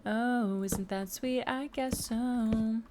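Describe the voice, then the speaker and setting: A woman's voice: a little high, fairly even intonation, slow pace, darkish tone, a little hiss or hum. A woman in her mid-twenties chatting casually and teasing her viewers during a late-night gaming livestream. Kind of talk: casual chat while gaming.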